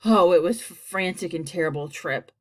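A woman reading a children's story aloud in an expressive, animated way. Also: on the low side, moderate pace. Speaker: audiobook reader. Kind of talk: storybook narration.

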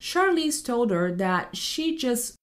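A woman's voice: a little high, sing-song, takes it slowly. Woman hosting a scripted podcast. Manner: reads a prepared script evenly, with light asides. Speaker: podcast host and translator. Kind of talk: scripted solo podcast monologue.

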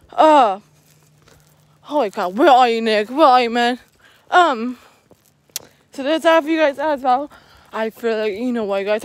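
A high-pitched woman walks alone outdoors, vlogging to her viewers in a jittery, rambling way and saying "you guys" again and again. The recording is dry and close, with almost no room sound.

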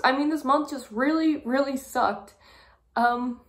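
A young woman talking through a personal month-review vlog, halting and full of fillers, fighting back tears. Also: sits high. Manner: halting, with many fillers and pauses. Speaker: vlogger.

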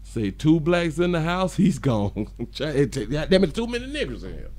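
A man's voice: on the high side, very animated, moderate pace, a little mellow. A man hosting a casual live stream, reading viewer comments aloud and joking with a frequent chuckle. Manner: chuckles often, loose and joking.

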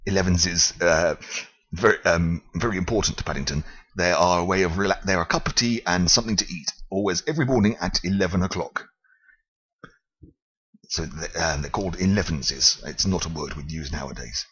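A man reading a children's story aloud, halting at times and explaining old-fashioned words. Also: low-pitched, a bit bright, slightly rough, muffled recording. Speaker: reader.

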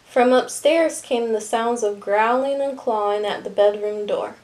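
A woman reading a children's picture book aloud with steady, clear narration. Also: on the high side, a little slow, few pauses. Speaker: storybook reader.

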